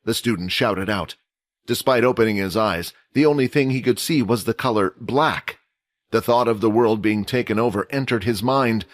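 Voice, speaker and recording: Guy reading a fantasy story, steady storyteller, dead dry recording. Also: fairly low pitch, normal speed, no echo. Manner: steady storytelling, changing voices for characters. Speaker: narrator. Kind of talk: scripted audiobook narration.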